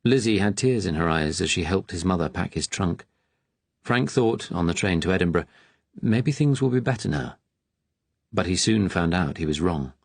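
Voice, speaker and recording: A man narrates an audiobook in a measured, grave manner. His voice is deep and slightly husky. The recording is close and dry. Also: no room sound. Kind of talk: scripted narration.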